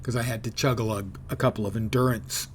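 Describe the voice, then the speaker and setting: A man's voice: lowish voice, steady tone, quick pace, a little hiss or hum. Joking man streaming a game. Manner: joking, self-deprecating asides; reads mission text aloud. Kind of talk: live gameplay commentary.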